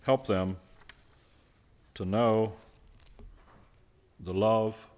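A man's voice: on the low side, steady tone, extremely slow, darkish tone. A man preaching a sermon, who puts questions to his listeners and answers them himself, and stresses key words by repeating them.

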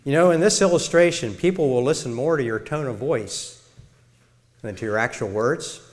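A middle-aged man giving a sermon-style talk to a church congregation in a measured way, illustrating his points. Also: mid-range voice. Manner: measured, demonstrates tones of voice. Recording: long reverb of a large hall.

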